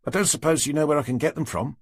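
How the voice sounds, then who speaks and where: A man's voice: on the high side, very fast, breathy edge, no echo, clean studio sound, pitched above the performer's own voice. A man voicing an eager, flustered young male detective constable in an audiobook. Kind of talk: audiobook character reading.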